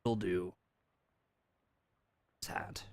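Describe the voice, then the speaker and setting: A man's voice: extremely slow, a little mellow. A man streaming a game live, reading its text aloud and casually commenting and laughing.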